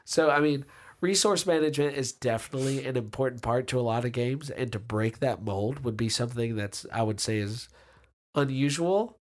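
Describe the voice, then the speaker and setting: A man's voice: medium pitch, moderate pace. Hesitant, musing podcast man. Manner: thinking aloud, hesitant restarts, mild joking. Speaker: podcast co-host. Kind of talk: casual chat.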